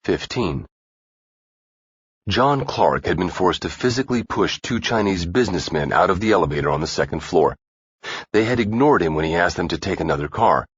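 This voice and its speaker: A man narrating a thriller audiobook in a steady, even-paced reading. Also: sits low, normal speed, slightly rough, no echo. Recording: dull dry lo-fi recording.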